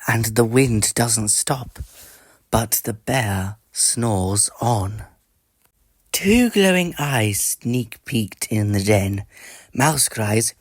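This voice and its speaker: A man reading a picture book aloud as a slow bedtime story, lilting and rhythmic, drawing out the refrains. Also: on the low side, slightly rough, dry recording. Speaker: storybook reader.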